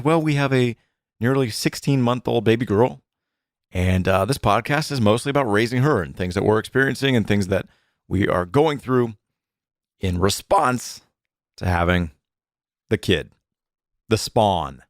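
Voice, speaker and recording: A man's voice: fairly low pitch, expressive, unhurried, long pauses, dry recording. A man in his thirties co-hosting a casual podcast from a home studio, joking around and rambling with fillers. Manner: playful, jokey, rambling with fillers. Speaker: podcast co-host. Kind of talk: casual chat.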